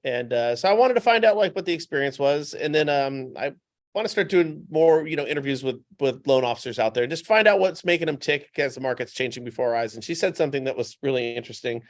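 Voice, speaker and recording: A man's voice: mid-range voice, quick pace. A man talking as a podcast guest in casual conversation, telling stories with animation and repeating points for emphasis. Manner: animated anecdotal storytelling.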